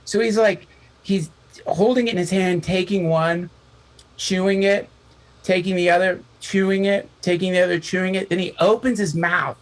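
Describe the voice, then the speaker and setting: A man, a podcast guest, telling a long story in casual chat, animated and profane, acting out the voices of the people in it. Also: high voice, normal speed, poor audio.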